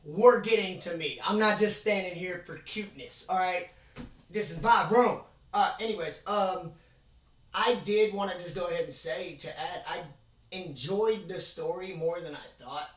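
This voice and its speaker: A host chatting casually about manga from their own bedroom, rambling and excitable with jokes and asides. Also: mid-range voice, normal speed. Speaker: channel host. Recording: roomy, from far off.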